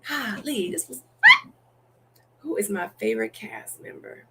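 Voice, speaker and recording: A young adult woman with a medium-pitched voice talks at a measured pace over slight background noise, appearing as a dating show guest in a casual interview chat. She tells stories animatedly, acts out what people said, and fills her speech with lots of "like."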